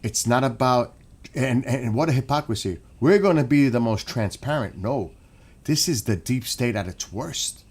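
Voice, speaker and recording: A man streaming and ranting in a casual monologue, animated and swearing. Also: medium pitch, normal speed, breathy edge.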